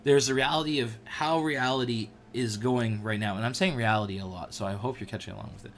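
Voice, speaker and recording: A man hosting a livestream, giving a casual devotional talk to viewers in an animated, joking way, often restarting his sentences. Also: mid-range voice, brisk, a little hiss or hum. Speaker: livestream show host.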